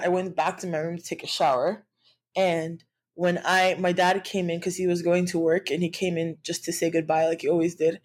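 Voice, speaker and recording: A young woman from Nigeria speaks candidly to her camera in a personal vlog. Her voice sits on the low side, and her talk is loose and conversational, full of fillers and restarts. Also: darkish tone. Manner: occasional laughs while speaking. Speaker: vlogger.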